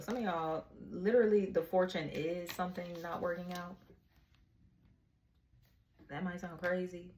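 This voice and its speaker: A woman's voice: lowish voice, a little mellow, slight background noise. A woman giving a casual tarot reading in a frank, slangy way, laughing often. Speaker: tarot reader.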